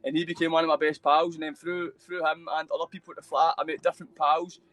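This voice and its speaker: A young man with a Scottish accent talks at a fast clip in a fairly high voice, his stories spilling out in loose, rambling runs. He swears freely and drops mate and bro into nearly every line. He's a guest on a live video call. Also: level tone, fairly bright tone, no room sound, rough recording. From Scotland. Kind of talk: casual storytelling interview.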